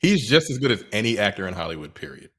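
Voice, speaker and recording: A man co-hosting a film review podcast, talking in a blunt, animated and profane way. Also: fairly low pitch, fast talker, breathy edge. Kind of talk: casual chat.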